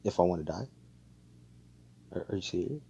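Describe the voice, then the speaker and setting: Brief: man playing a rowdy young mage, stammering, mellow low voice. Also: lively intonation, moderate pace, gravelly, husky, muffled recording, full character voice. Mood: rattled. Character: rowdy delinquent-looking young male mage.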